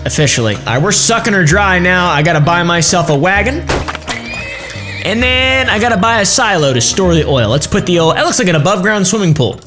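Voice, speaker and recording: A man's voice: high-pitched, expressive, brisk. Crude joking young man gaming. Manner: crude, joking, swears often. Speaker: gaming YouTuber. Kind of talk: casual gaming commentary. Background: game music.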